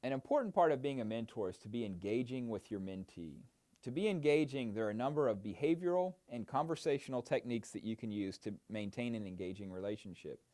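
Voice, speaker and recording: Male trainer, animated pitch, explanatory lesson delivery with frequent fillers. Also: fast talker. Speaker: mentor trainer. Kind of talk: instructional narration.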